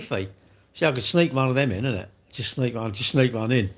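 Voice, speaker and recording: English guy rambling to his live chat, blunt and slangy, middle pitch. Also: expressive, normal speed, a bit bright. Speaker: live streamer. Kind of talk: casual live-stream chat answering viewers.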